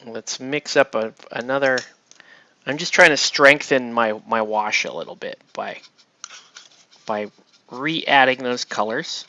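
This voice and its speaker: At a medium pitch, this man talks slowly with a sharp tone. As host of a casual miniature painting tutorial, he chats and rambles while working, regularly checking in with "right?". The sound is dull, lo-fi and dry.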